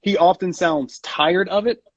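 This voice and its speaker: A man's voice: high-pitched, a little slow, lo-fi sound. A man, a voice actor, chatting playfully and poking fun at himself in an interview over a video call; his voice is a little scratchy. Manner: playful and self-mocking. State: slightly scratchy voice. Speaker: voice actor guest. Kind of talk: casual interview chat.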